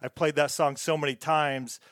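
A man's voice: fairly high pitch, level tone, normal speed, a bit bright, no echo, clean studio sound. A man hosting an interview, asking long, rambling questions in a friendly way. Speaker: podcast host. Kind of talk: casual interview chat.

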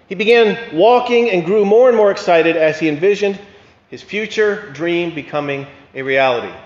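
A man giving a reflective, conversational talk and reading a fable aloud. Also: sits high. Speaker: speaker. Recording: echoey hall, dull lo-fi sound.

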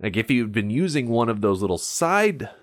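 A man's voice: medium pitch, sing-song, fairly quick, no room sound, studio quality. A man co-hosting a podcast, explaining things in a casual film discussion and sometimes reading aloud. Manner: explanatory, reads aloud at times. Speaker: podcast co-host.

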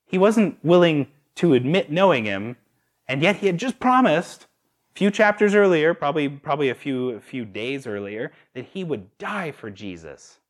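A man's voice: a little high, normal speed. A man preaching a sermon, asking his listeners rhetorical questions. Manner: animated, asks the audience rhetorical questions.

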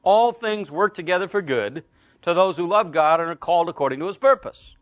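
Pastor, male, middle-aged, storytelling sermon with deliberate slow emphasis, fairly high voice, dry recording. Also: animated, dry recording, dull audio. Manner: storytelling, slows right down on key phrases.

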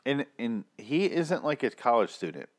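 A man's voice: mid-range voice, very animated, moderate pace. A man co-hosting a podcast in casual chat, ranting sarcastically and swearing often. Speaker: podcast co-host.

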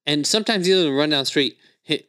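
A man's voice: fairly high pitch, expressive, fast, sharp tone, clean tone, no echo, studio quality. A man telling a story in casual chat, laughing often, swearing freely and acting out the people he quotes.

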